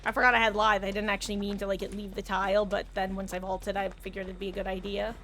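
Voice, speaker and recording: A woman's voice: mid-range voice, flat delivery, quick pace, a bit bright, a little hiss or hum. Rambling woman streaming live gameplay. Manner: rambling, chatty asides to chat, thinking aloud. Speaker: livestreamer. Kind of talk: casual live gameplay commentary.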